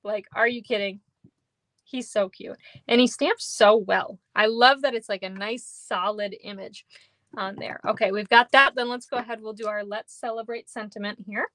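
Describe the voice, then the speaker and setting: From an air-conditioned basement, a young woman from Minnesota live-streams a card-making demo, reading viewer comments aloud in a chatty, upbeat but slightly tired way. Her mid-range voice is fairly bright, with fairly even intonation at normal speed, in a dry recording.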